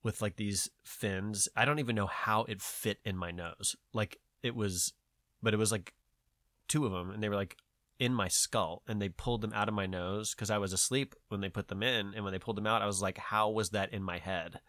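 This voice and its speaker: A man's voice: on the low side, brisk, no echo. A man with a nasal voice, talking in casual podcast chat, rambling and swearing as he tells a story. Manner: rambling, profane, animated storytelling. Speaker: podcast host.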